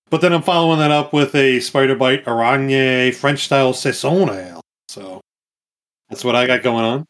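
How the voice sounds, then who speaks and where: A man's voice: mid-range voice, fairly even intonation, brisk, a bit bright. A man from Long Island, a guest on a gaming podcast, talking casually with easy laughs. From Long Island, USA.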